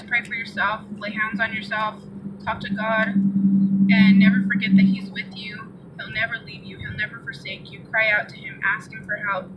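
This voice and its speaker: A young woman vlogger giving an earnest, encouraging faith talk from inside a car, often repeating her phrases. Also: fairly high pitch. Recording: distant muffled mic with loud car noise.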